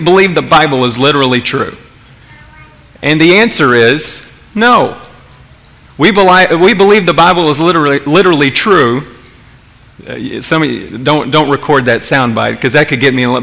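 A man preaching a sermon in a bright, gravelly voice a little higher than most men's. He talks conversationally, piling up rhetorical questions and restarting his sentences. The sound carries a long reverb from a big hall. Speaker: pastor.

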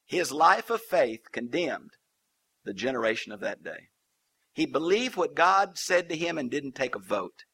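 A man's voice: fairly high pitch, sing-song, unhurried, gravelly, sharp tone, slight background noise. A man preaching a Bible teaching sermon, folksy and humorous with colloquial asides.

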